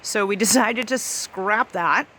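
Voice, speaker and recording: A woman's voice: mid-range voice, slow pace, pushed and bright, a little hiss or hum. A woman directing an arts festival, giving a casual welcome and update with many fillers and small laughs.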